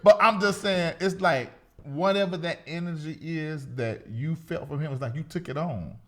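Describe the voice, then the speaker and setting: A man hosting a live talk show, chatting casually in an animated, laughing, exclamatory way. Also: a little high, normal speed.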